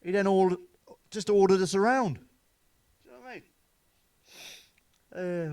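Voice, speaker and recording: A man's voice: high voice, very animated, normal speed, pauses often, darkish tone. A middle-aged man telling one-liners and dad jokes as a stand-up comedian, cursing often and chuckling at his own punchlines. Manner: swears freely, laughs at his own jokes.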